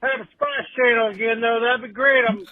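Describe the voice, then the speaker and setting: A man's voice: extremely high pitch, fairly even intonation, a little fast, dry recording. A man voicing a crude, folksy old uncle who leaves a rambling, drawling voicemail. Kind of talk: comedic voicemail sketch. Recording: tinny phone voicemail.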